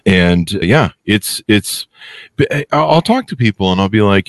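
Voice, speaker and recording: A middle-aged man hosting a podcast interview, talking in a blunt, opinionated and animated way. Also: on the low side, moderate pace, no echo. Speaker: podcast host. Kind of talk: casual interview chat.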